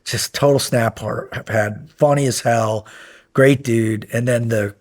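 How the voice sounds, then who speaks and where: A man's voice: medium pitch, measured pace. Rambling, profane middle-aged man telling war stories. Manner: rambling anecdotes with many fillers, profane and animated when recounting yelling. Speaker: podcast guest, former SEAL instructor. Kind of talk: casual storytelling interview.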